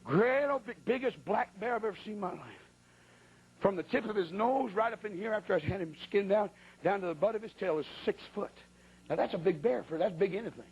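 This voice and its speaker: High raspy-voiced folksy preacher man. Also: fairly quick, a little mellow, low-quality recording. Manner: folksy, colloquial storyteller. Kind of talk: storytelling sermon. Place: church at a pulpit.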